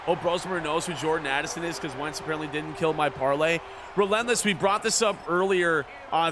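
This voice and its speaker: High bright-voiced man doing streamer play-by-play. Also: a little hiss or hum. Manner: switches between a slow, drawn-out announcer voice and quick casual chat; emphatic, repeats phrases for effect. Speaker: gaming streamer. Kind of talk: mock sports broadcast commentary over a game.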